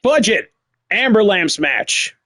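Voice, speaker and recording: A man calls a wrestling video game live for his stream, his high voice swinging up and down as he goes. He takes his time between calls, then breaks into shouting, cursing and laughter at the action. His play-by-play is loud and excitable. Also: slow pace, no echo. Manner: yells, swears and laughs at the game.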